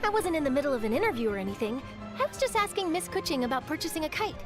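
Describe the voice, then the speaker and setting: A woman voicing a perky, nosy young woman reporter in game dialogue, speaking quickly. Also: sits high, very animated, music in the background.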